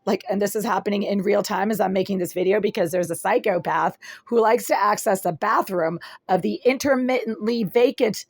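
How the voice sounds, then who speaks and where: A woman's voice: medium pitch, fairly quick, few pauses. A woman filming a vlog in her small apartment on a phone, talking in an insistent, repetitive way and piling up descriptions as she goes. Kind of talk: agitated first-person complaint vlog.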